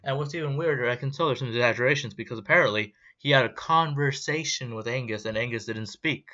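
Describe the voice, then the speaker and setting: Angry young man ranting, bright voice. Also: medium pitch, quick pace. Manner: heated, profane, rambling. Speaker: vlogger. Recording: dull lo-fi sound.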